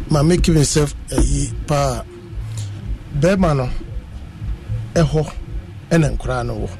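A man with a Ghanaian accent talks in a loose, relaxed way as a guest. His voice sits a little high, with a mellow, soft tone. Faint music plays behind him. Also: rough recording. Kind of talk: casual radio chat.

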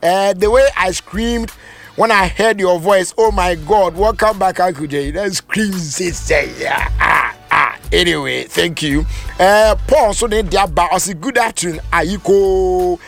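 A high-pitched man with a Ghanaian accent runs a live radio show, reading listener messages in an animated, chatty way. He slips into a half-sung delivery and laughs often. Faint music plays behind him. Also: unhurried, creaky. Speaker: radio host.

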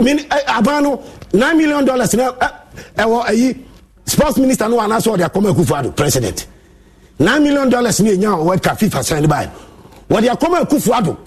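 Husky, high-voiced Ghanaian man ranting. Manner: angry, scolding, insulting. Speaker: sports pundit. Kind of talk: heated monologue.

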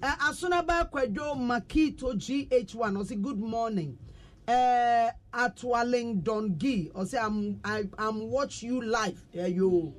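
A Ghanaian radio host in casual banter, animated and repeating words many times, reading out listener messages. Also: medium pitch, slow pace.

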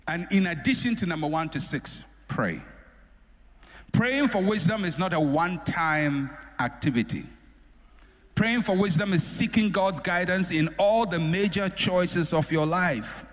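A man preaching a sermon, repeating phrases for emphasis and swinging between loud and soft. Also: sits high, animated, measured pace. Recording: echoey hall with long reverb.

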